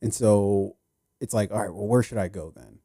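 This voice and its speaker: Male podcast co-host, mellow dry voice, rambling and profane, lots of restarts. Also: lowish voice, fairly even intonation, normal speed, no room sound. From United States. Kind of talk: casual chat.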